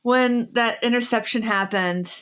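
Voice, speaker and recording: A woman's voice: a little high, unhurried, clear, resonant tone. A woman co-hosting a podcast, chatting casually and telling a story with lots of laughter. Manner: laughing often, excited storytelling. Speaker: podcast co-host. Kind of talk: casual chat.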